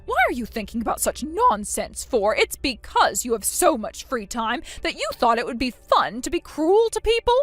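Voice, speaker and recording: A woman's voice: on the high side, very animated, moderate pace, few pauses, fairly bright tone, no room sound, soft background music. A woman voicing a stern middle-aged mother in a texting story, cold and contemptuous as she scolds her daughter. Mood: scornful.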